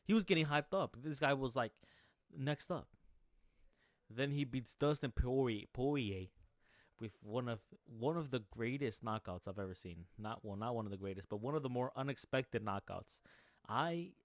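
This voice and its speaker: A man's voice: medium pitch, no echo. Fired-up young man ranting, dry sound. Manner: fired up, repetitive, says "bro" constantly; gets louder for emphasis, repeats points. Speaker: MMA commentator. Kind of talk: heated rant vlog.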